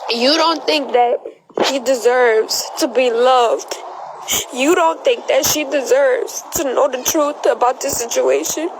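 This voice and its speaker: A woman's voice: high voice, slow pace, noisy background. A young adult woman crying as she speaks on a phone livestream, emphatic and defiant, repeating herself. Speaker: social media livestreamer. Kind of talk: emotional livestream monologue.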